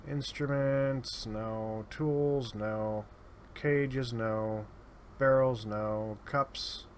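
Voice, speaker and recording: Slow-talking man muttering game commentary. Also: mid-range voice, steady tone, slight background noise. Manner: mutters through item lists, sardonic asides. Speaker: let's play host. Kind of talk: casual gameplay commentary. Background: keyboard typing.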